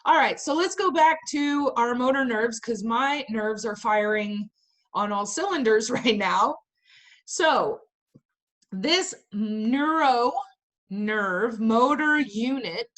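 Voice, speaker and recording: Woman instructor, lively and emphatic, lecturing over a webcam. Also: a little high. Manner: animated, chatty, emphatic. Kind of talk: online class lecture. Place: home video call.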